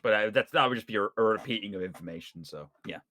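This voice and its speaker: Man, game player, bright and animated, stammers now and then. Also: fairly low pitch, quick pace. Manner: lively, playful, stammering at times. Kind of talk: tabletop game chat.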